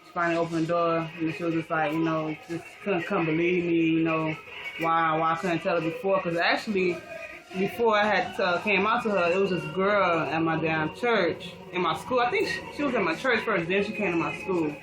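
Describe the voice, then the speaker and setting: A woman's voice: fairly low pitch, steady tone, a little fast, low-quality recording. A young woman casually telling a personal story in a rambling, slangy, profane way, full of fillers. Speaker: vlogger. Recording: music playing behind.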